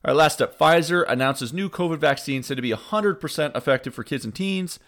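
A man hosting a satirical news roundup in a deadpan, newsreader style with wry asides. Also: a little high, fairly quick. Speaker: host.

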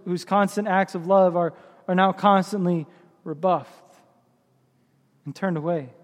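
A man's voice: sits high, in a large hall. A man preaching a sermon as pastor, with impassioned, building emphasis.

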